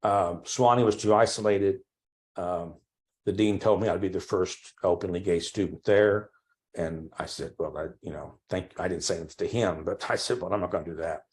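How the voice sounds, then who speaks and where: An older man from Texas, a priest, telling his life story in an oral history interview and acting out old conversations with lively, halting speech. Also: low voice. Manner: animated storytelling, acts out remembered dialogue; frequent restarts and ums.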